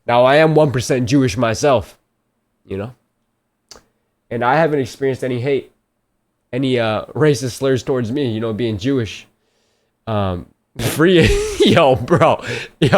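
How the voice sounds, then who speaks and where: Profane young man reacting casually. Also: mid-range voice. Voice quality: loose, profane, jokey banter. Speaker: reaction streamer.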